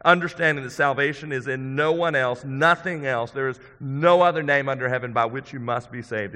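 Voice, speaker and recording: A male pastor preaching a sermon in a church, earnest and conversational, building to emphatic points and dropping to quiet ones. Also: medium pitch, fairly quick, hardly any pauses. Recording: long hall reverb.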